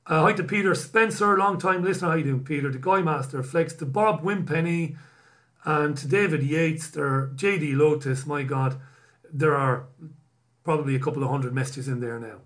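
A man from Britain chats through a live stream, reading viewer messages aloud. His voice sits a little high for a man. He is sardonic and self-mocking, and swears freely. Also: moderate pace, a bit bright. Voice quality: bald, self-described poor at accents.

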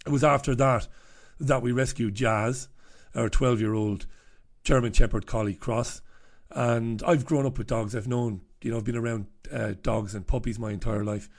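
A man's voice: medium pitch, fairly even intonation, normal speed. A middle-aged man hosting a live stream, chatting casually in a blunt, profane, rambling way.

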